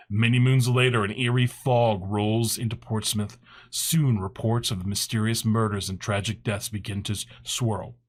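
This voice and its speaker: A man hosting a podcast in a casual chat, joking and upbeat with quick patter. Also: on the low side. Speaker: podcast host.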